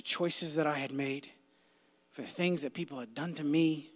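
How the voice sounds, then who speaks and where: A man preaching a youth sermon as a pastor, impassioned, swinging between hushed whispers and loud cries. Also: a little high, steady tone, moderate pace. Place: church sanctuary. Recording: long hall reverb.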